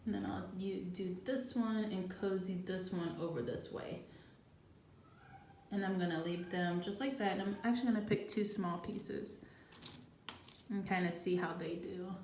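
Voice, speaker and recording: A woman's voice: medium pitch, moderate pace, a little mellow. Chatty woman in an echoey kitchen. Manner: chatty and easygoing, thinking aloud as she works. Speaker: gardening channel host. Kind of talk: casual how-to chat. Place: home kitchen. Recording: echoey room with faint background noise.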